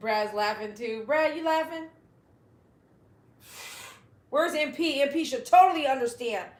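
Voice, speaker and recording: A chatty woman with a fairly high voice hosts a relaxed livestream from home. She talks to her dogs and reads out viewer comments. Her voice rings a little in an echoey room. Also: measured pace. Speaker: dog groomer and livestream host. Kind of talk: casual livestream chat.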